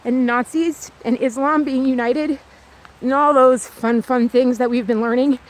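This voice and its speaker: A woman vlogging outdoors on a trail, talking in a rambling, repetitive, fast way while she walks. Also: high voice, steady tone. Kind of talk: rambling walk-and-talk vlog.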